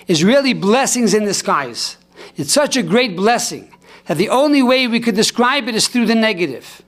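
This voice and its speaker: A middle-aged man, a rabbi telling a story in a sermon with emphatic, slowing cadences. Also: high-pitched, fairly bright tone. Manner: storytelling, rising to emphatic cries and slowing for solemn lines. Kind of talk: sermon on the weekly Torah portion.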